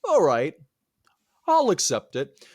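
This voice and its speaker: A laid-back cyclops giant with a raised, swooping voice, as a man puts him on for a comedic podcast retelling. He talks like a casual, swearing bro, his pitch leaping all over. The sound is dry and close. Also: wildly swooping pitch, takes it slowly, no echo, exaggerated voice.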